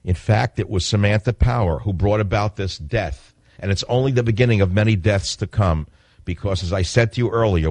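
A man's voice: fairly low pitch, darkish tone, no room sound. A man hosting a political radio talk show, speaking in an emphatic monologue that repeats and stresses key phrases.

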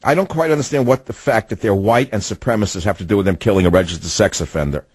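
Husky-voiced ranting radio host, a man. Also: lowish voice, fast, no room sound. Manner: indignant, ranting commentary; sardonic asides. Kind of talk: talk radio monologue.

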